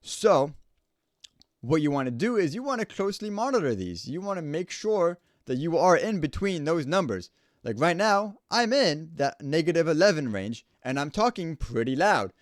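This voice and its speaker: Man, audio engineer, casual tutorial, animated delivery, dry close-mic sound. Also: fairly high pitch, normal speed, no room sound. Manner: casual and explanatory, stresses points by repeating them. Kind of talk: home studio recording tutorial. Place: home studio. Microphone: studio microphone at close range.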